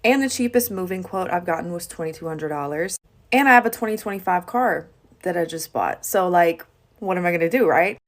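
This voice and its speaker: A woman's voice: on the low side, animated, brisk. Chatty woman creator talking to camera. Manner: candid, chatty, emphatic. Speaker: full-time content creator. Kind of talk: casual talk to camera.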